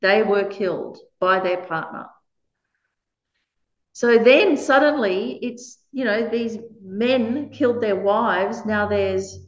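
A woman leading a workshop for a small group, lively and laughing often as she acts out quoted lines. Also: medium pitch. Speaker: workshop leader. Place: meditation centre room. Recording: echoey room, dull lo-fi sound.

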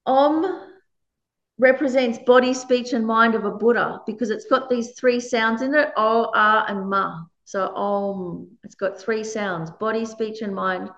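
Female meditation teacher, higher voice, relaxed dharma talk delivery with frequent laughter. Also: unhurried, reverberant, lo-fi sound. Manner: conversational, laughs often.

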